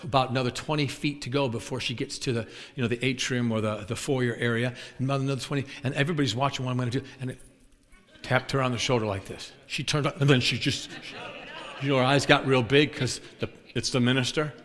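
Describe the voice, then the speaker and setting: A male preacher delivers a lively sermon, telling funny stories and acting out the scenes. His voice sits at a middling pitch and rings with the long reverb of a big church sanctuary. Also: quick pace. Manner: animated, acts out scenes and chuckles at his own stories. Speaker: traveling preacher. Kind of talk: sermon with humorous storytelling.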